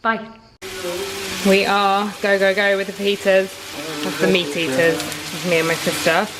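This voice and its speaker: A woman's voice: mid-range voice, level tone, a little slow, noisy background. A young woman talking to her camera in a casual vlog, chatty and rambling in an upbeat way. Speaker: lifestyle vlogger.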